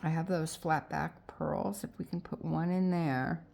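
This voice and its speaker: Middle-aged woman, craft vlogger; slow, mellow, rambling self-talk, always second-guessing. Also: low voice, fairly even intonation, gravelly. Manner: rambling and indecisive, talking herself into choices. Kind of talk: casual thinking aloud while crafting.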